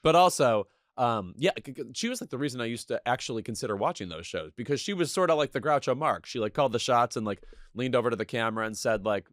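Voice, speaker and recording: A man co-hosting a podcast in casual, campy, quick-witted banter, also reading ads. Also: medium pitch, animated, no echo, studio quality. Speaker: podcast co-host. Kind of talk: casual chat and ad reads.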